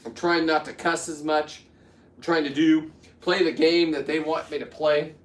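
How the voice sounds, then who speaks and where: A man's voice: fairly high pitch, steady tone, moderate pace, echoey room, recorded from a distance. A man in his fifties talking casually to camera while he works, rambling with many restarts and getting worked up as he goes. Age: 50s. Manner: rambling, restarts, heats up into ranting. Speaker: vlogger.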